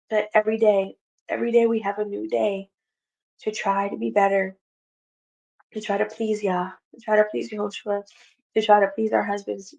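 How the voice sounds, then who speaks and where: Earnest woman with a gravelly voice. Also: medium pitch. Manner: earnest, repeats her phrases. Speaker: Bible study host. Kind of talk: earnest Bible study teaching. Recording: dull lo-fi recording.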